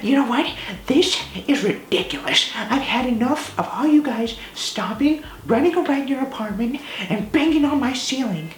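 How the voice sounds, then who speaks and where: A man voicing a shrill, indignant middle-aged woman neighbor who nags and complains. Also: animated, normal speed, roomy sound, a little hiss or hum. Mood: shrill complaint. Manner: whiny, nagging, indignant.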